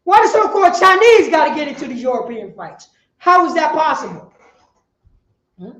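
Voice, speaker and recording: A woman preaching on the street, firing rhetorical questions and bursting into shouts. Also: high voice, big pitch swings, normal speed, echoey room, low-quality recording.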